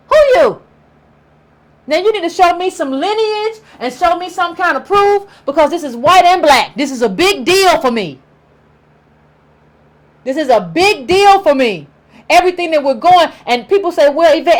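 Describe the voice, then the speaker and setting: A woman with an African American accent giving an emphatic opinion monologue, repeating her points and acting out imagined quotes. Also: high-pitched. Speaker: political commentator vlogger.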